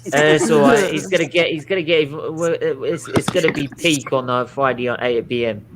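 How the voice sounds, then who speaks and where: A man's voice: a little high, steady tone, normal speed. A man bantering and teasing on a live football watchalong, swearing now and then. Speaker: watchalong co-host. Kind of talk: casual banter. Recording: clear background noise.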